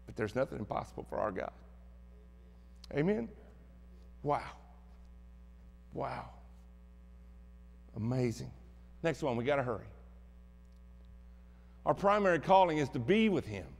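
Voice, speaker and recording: A man's voice: mid-range voice, very animated, moderate pace, creaky, long pauses, big-room sound. A man with a Southern American accent preaching a sermon as pastor, telling stories in a folksy, plainspoken way. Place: church sanctuary.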